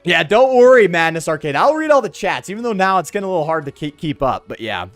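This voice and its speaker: A man streaming a game, chatting casually in an animated, slangy, ranting way. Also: high-pitched, quick pace, no room sound, faint music behind. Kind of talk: casual live-stream chat while gaming.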